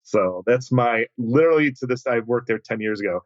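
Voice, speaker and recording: Man, podcast guest, animated storyteller, mid-pitched, dry slightly dull audio. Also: a little fast, dry recording. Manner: animated, acts out quoted voices with big pitch jumps.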